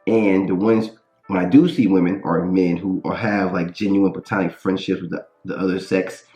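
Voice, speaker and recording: A man with a very deep voice talks through ideas in a reflective, measured way. He co-hosts a casual conversation. The room echoes, with faint music underneath. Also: fairly even intonation, warm tone, highs cut off. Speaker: podcast co-host. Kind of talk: casual chat.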